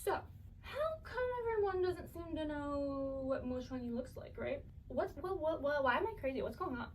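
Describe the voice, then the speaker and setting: A woman's voice: high-pitched, expressive, normal speed, distant mic, a little hiss or hum. A woman doing a flippant young sorcerer playing crazy. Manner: casual, flippant. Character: a young male sorcerer feigning madness.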